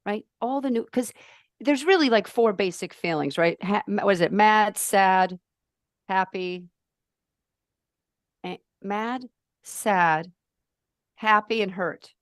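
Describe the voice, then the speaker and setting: Outspoken woman ranting on a podcast, mid-pitched voice, dead dry mic. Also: takes it slowly, long pauses, no echo. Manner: emphatic, outspoken, animated ranting with swings in pitch. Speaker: podcast guest, life purpose coach. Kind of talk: casual podcast conversation.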